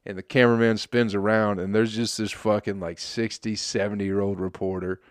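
A man's voice: lowish voice, level tone, moderate pace, dry recording, studio quality. A man doing a rambling, profane, sarcastic comedy monologue as host.

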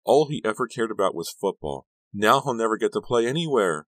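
A man reading an audiobook, voicing a hysterical teenage girl cheerleader who screams in a high, frantic voice. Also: lively intonation, brisk, a bit bright, no echo.

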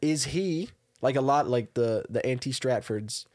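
A man's voice: medium pitch, unhurried, a little mellow. A man co-hosting a podcast, enthusiastic and musing in casual brainstorming chat. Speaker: podcast co-host.

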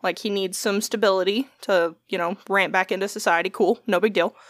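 In a casual podcast chat, a young woman tells a rambling story, swearing freely and slipping into the voices of people she quotes. Her ordinary-pitched voice keeps a steady tone and runs a little fast. It sounds dry and close to the mic, with no room sound.

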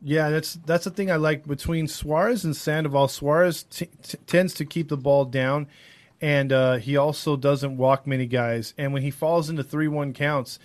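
A man's voice: a little high, fairly even intonation. Chatty man talking baseball. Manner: enthusiastic, opinionated, quick with jokes. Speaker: sports podcast co-host. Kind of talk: casual baseball chat.

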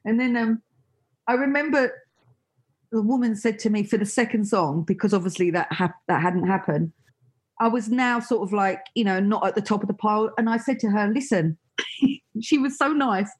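A woman's voice: mid-range voice, moderate pace, husky. A woman, a singer casually telling stories about her career, peppering her speech with "like" and "you know.". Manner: chatty, heavy on "like" and "you know", laughs often. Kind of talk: casual chat, storytelling.

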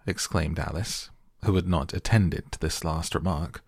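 A man narrating a storybook in a soft, slow, calm bedtime manner. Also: sits low, creaky, husky, dry recording, clean studio sound. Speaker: audiobook narrator.

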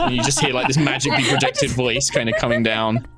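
A man's voice: mid-range voice, steady tone, fairly quick, pushed and bright. A man narrating as game master for a tabletop game, laughing often and slipping into character voices.

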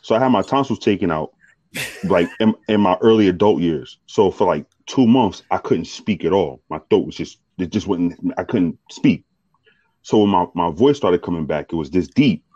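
Deep-voiced man, rowdy laughing banter, dry lo-fi recording. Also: lively intonation, moderate pace, darkish tone, no echo. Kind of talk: casual chat. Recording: dry, dull lo-fi sound.

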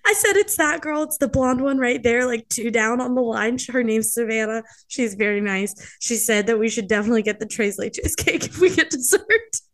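Chatty young woman, slightly high voice. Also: normal speed, hardly any pauses. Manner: chatty storyteller, acts out quotes, many fillers. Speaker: podcast co-host. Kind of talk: casual chat.

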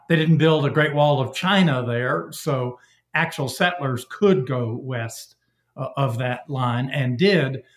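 A man speaking as a historian guest on a panel, explaining with lively everyday examples. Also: fairly high pitch, echoey room. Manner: animated storytelling with everyday examples.

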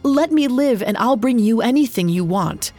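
A woman's voice: on the high side, lively intonation, normal speed, mellow, soft background music, voice pushed up. A woman voicing a poor, timid young man who pleads in a trembling voice. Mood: pleading.

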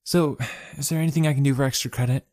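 A man voicing a sharp-tongued young female student with curt, icy retorts. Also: mid-range voice, fairly even intonation, fast talker, voice pushed up, close to an everyday voice. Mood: polite.

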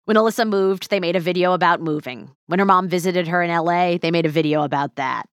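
Low-voiced woman podcast host. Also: quick pace, clear, resonant tone, no room sound, clean studio sound. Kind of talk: scripted narration and interview chat.

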